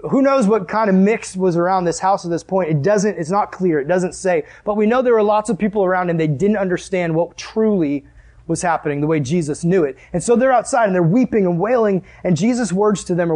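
Male pastor with a high voice, giving a casual, storytelling sermon. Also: fairly quick, a little mellow. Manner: conversational, acts out the scenes he tells.

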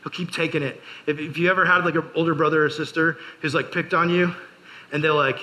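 Bright chatty youth pastor, man. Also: fairly high pitch, steady tone, fast talker, rough recording. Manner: chatty storytelling with many fillers, joking asides. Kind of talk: casual youth sermon.

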